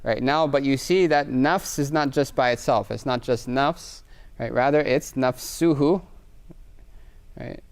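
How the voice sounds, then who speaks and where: A man's voice: mid-range voice, measured pace, smooth. A man teaching a grammar lesson, explaining patiently and checking in with "right?" as he writes examples. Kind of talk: classroom lecture.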